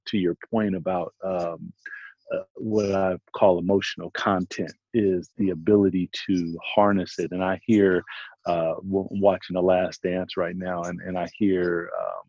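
A former pro basketball player telling stories in a casual talk, halting and restarting often. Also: male voice, sits low, a little mellow, slightly rough, no room sound, dull audio. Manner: halting, with many restarts and repeated words. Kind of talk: casual conversation, storytelling.

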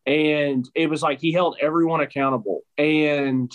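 A man's voice: fairly high pitch, fairly even intonation, normal speed, highs cut off. A young man co-hosting a casual chat, rambling and filling his speech with "like". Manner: rambling, heavy use of "like".

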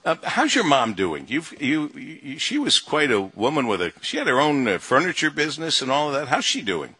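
A male radio host with a bright, forward voice talks in a friendly, chatty way and fills pauses with "uh". His mid-range voice comes through dry and close. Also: fairly high pitch, big pitch swings, slightly rough, no room sound. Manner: friendly, chatty, with frequent fillers. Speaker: radio talk show host. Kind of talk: radio interview.

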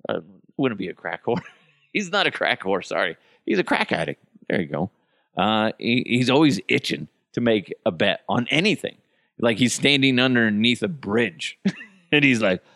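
Man, podcast host, lowish voice, very animated pitch, profane mocking monologue. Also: normal speed, creaky, no echo, clean studio sound. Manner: mocking, profane, breaks into impressions.

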